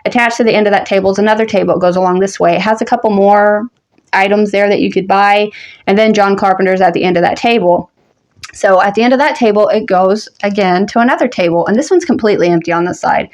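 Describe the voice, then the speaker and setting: Woman vlogger, 30s, casual storyteller, lively and profane, laughs a lot. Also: medium pitch, quick pace. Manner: animated, swears freely, laughs often. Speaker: horror vlogger.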